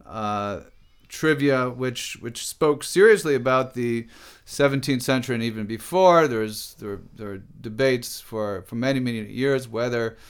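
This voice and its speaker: A man, a poet and artist, talking haltingly about his work in an interview. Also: mid-range voice, clear, resonant tone. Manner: halting, many restarts. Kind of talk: casual interview talk.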